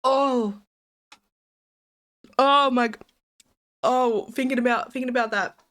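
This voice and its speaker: A woman's voice: a little high, fairly even intonation, slow pace, fairly bright tone. A woman streamer chatting casually to her viewers, rambling and giggly, while sick with a cold. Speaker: live streamer. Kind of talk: casual live-stream chat.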